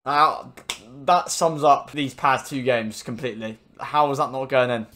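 A man's voice: medium pitch, unhurried. Swearing gamer narrating his match. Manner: swears often, swings from frustrated mutters to excited shouts. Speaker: gaming YouTuber. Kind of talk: live gameplay commentary.

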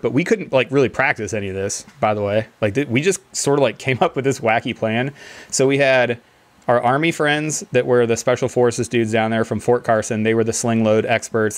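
Animated man telling a story with laughs. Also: medium pitch. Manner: animated, laughs often, acts out other people's lines. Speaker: podcast co-host telling a military story. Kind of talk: casual storytelling among friends. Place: indoor team room.

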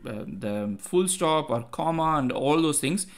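A man's voice: fairly high pitch, animated, measured pace. A man hosting a tech tutorial, casually walking through code with many fillers like "uh" and "like". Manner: explanatory, loose, many fillers like "uh" and "like"; talks to himself while looking things up. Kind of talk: casual screen-share coding walkthrough.

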